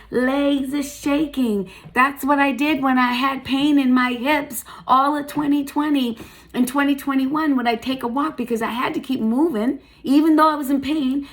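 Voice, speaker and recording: A woman giving a casual spiritual tarot reading, chatty and emphatic, laughing often and swearing now and then. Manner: laughs often, lively pitch swings.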